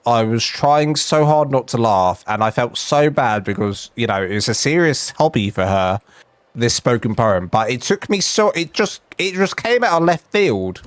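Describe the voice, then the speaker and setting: A man's voice: mid-range voice, expressive, normal speed, dry recording. A young man streaming from home, telling a funny story in a chatty, self-mocking way. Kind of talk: casual storytelling while gaming. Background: faint game music.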